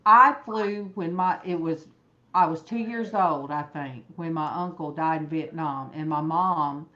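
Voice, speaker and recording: A woman from Alabama hosting a casual online chat, telling a long story in an animated, rambling way. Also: deep voice, measured pace, highs cut off. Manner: animated, rambling, acts out quoted voices. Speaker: host. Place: room indoors, echoey.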